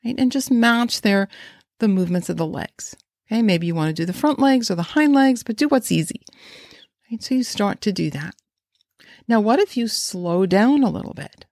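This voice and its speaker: A woman's voice: medium pitch, animated, moderate pace, darkish tone, dry recording, studio quality. A woman horse trainer giving an instructional talk, rambling with restarts and asking the listener many questions.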